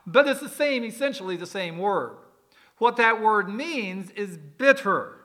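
A man's voice: high voice, expressive, unhurried, sharp tone. A man preaching a sermon, explaining words in a conversational way with folksy asides. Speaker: pastor.

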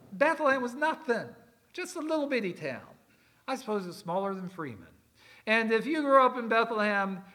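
High, bright-voiced male preacher. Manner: conversational, explaining words with folksy asides. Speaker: pastor. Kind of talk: sermon.

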